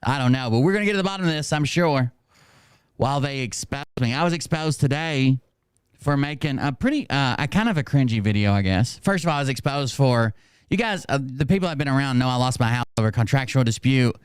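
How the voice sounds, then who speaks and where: A man's voice: medium pitch, animated, fast, clear, resonant tone, no echo, studio quality. A man hosting a casual livestream, rambling and self-mocking, laughing often. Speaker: streamer host.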